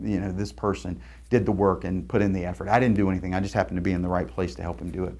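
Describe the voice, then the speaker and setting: Earnest business owner, gravelly low male voice, storyteller. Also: a little mellow. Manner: earnest, storytelling, repeats words. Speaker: recruiting firm owner. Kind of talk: promotional talk to camera.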